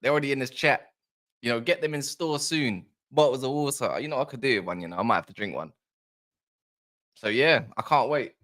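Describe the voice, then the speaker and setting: A man hosting a casual football fan live chat, excitable and rambling, bantering with viewers' comments. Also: medium pitch, a little fast. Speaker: football fan livestream host.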